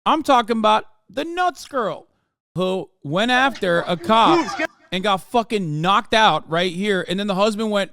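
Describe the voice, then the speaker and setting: A man's voice: high-pitched, animated, unhurried, vocal fry, a bit bright, no echo. A man in his thirties hosting a live stream, reacting to a video and ranting to his chat in heated, profane outbursts. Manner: talks straight to his chat. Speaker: livestream host.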